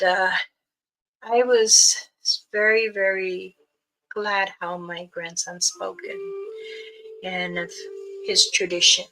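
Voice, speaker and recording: An older woman speaks as an elder and guide on her own livestream. She takes her time, and her words drift and circle back as she tells the story. Her voice is bright and slightly strained. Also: mid-range voice, poor audio. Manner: meandering, with many fillers and restarts.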